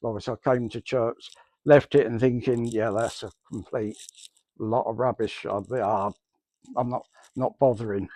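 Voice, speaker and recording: A man's voice: medium pitch, steady tone, normal speed, dark tone, no room sound. A middle-aged man telling his church testimony in a rambling way, acting out the dialogue he recalls. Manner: rambling storyteller, acts out quoted dialogue. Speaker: church member giving testimony. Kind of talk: spoken personal testimony.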